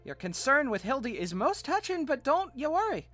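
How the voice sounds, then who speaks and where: A man's voice: extremely high pitch, big pitch swings, normal speed, fairly bright tone, faint music behind, full character voice. A man voicing a flamboyant older noblewoman who fusses over her son in a grand, theatrical way. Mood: haughty.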